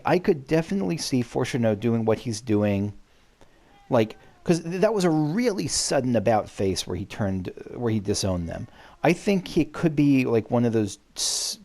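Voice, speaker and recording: A man with a gruff voice chatting his way through a story game, thinking out loud, restarting sentences and swearing now and then. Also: medium pitch. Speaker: gaming channel host. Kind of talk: let's-play commentary.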